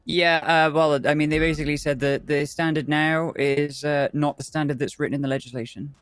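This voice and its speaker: A man's voice: fairly high pitch, flat delivery, fairly quick, fairly bright tone, clean tone, no echo, soft background music. Casual, hesitant male roleplay officer. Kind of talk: in-character roleplay chat.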